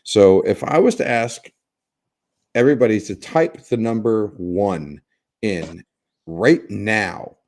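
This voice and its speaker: A man's voice: fairly low pitch, slow pace, darkish tone. A man hosting a casual livestream chat, joking and laughing as he rambles with restarts. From Germany. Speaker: livestream host.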